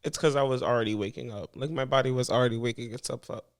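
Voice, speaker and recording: A man's voice: medium pitch, fairly even intonation, quick pace. A young man co-hosting a podcast, talking in a laid-back, slangy way and laughing often. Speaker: podcast co-host. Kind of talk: casual chat.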